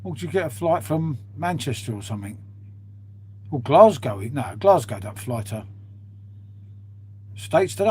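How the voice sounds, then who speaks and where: Husky man chatting on stream. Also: on the high side. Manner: chatty, swears freely, says "mate" constantly. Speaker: live streamer. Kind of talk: casual live-stream chat with viewers.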